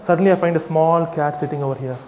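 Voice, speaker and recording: Animated man in an echoey hall. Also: on the high side, quick pace, slight background noise. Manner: animated, mocking, acts out scenes with quoted voices. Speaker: vegan activist speaking to an audience. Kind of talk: live public talk to a crowd. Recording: echoey hall, faint room ambience.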